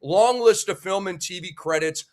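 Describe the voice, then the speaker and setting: High-pitched male host with a head cold, eager and joking, loose casual delivery. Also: normal speed. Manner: enthusiastic, jokey, with frequent fillers and restarts. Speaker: sports debate show host. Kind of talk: casual talk-show hosting.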